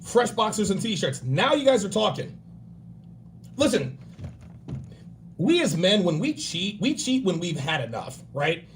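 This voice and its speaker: A man in his forties hosting a livestream, giving blunt, profane dating and grooming advice and acting out other people in quick bursts. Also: high voice, very animated, slight background noise. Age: 40s. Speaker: livestream host.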